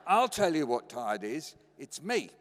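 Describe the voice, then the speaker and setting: A man's voice: a little high, sing-song, unhurried. A man doing an exasperated one-upping mum. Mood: insistent. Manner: insistent, competitive.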